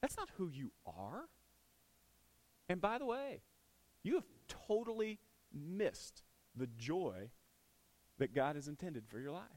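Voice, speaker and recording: A man voicing God, gentle and fatherly. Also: fairly high pitch, big pitch swings, slow pace, long pauses. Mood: gentle correction.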